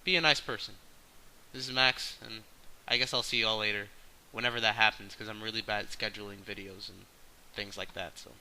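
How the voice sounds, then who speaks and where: A man's voice: fairly quick, low-quality recording. A man talking casually to his camera, giving a blunt, slang-heavy opinion rant full of swearing. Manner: loud and excited early, calmer and lower later. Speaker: vlogger.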